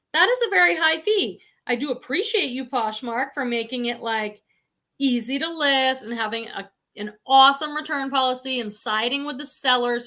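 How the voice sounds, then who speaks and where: A woman's voice: sits high, sharp tone. A woman with a Boston accent hosting a casual livestream, chatting and reading viewer comments aloud. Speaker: reseller livestream host.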